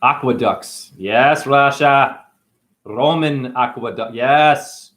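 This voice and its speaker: A man's voice: mid-range voice, slow pace, a bit bright. A man acting as a spiritual teacher, talking through a rambling monologue with free-associating wordplay and musing asides.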